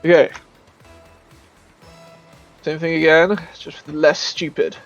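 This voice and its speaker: A man giving casual gameplay commentary as a streamer, chatty and self-mocking, with bursts of excited shouting. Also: a little high, slow pace, creaky, pauses often, lo-fi sound, soft background music.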